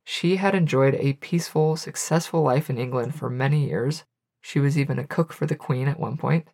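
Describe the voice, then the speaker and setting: A woman's voice: rumbling low, moderate pace, darkish tone. A woman hosting a podcast, reading book passages aloud and reflecting on them in an earnest, confessional way. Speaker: podcast host.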